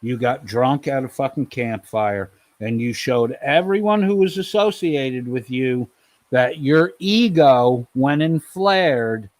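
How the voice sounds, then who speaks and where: A man's voice: mid-range voice, slow pace, no echo. A man hosting a live stream, scolding someone in a heated, profane rant and repeating his name.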